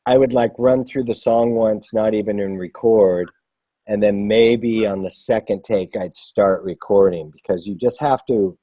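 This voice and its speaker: A man's voice: fairly low pitch, unhurried, warm tone, dry recording. A man chatting casually as a guest composer, rambling and self-deprecating with enthusiasm. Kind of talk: casual live chat.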